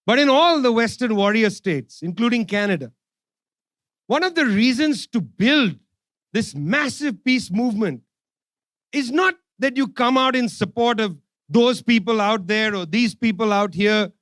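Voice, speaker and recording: Brief: male speaker, high voice, fiery sarcastic rally speech, dry close sound. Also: fairly bright tone, no room sound. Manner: sarcastic, repeats phrases for emphasis. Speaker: speaker at a political forum. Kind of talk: impassioned public speech. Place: forum event hall.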